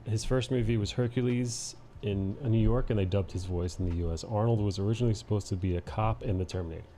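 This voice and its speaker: A man's voice: lowish voice, fast, warm tone, slight background noise. A man hosting a casual livestream chat, rambling, swearing freely and laughing often. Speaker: livestream host. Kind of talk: casual chat while drawing.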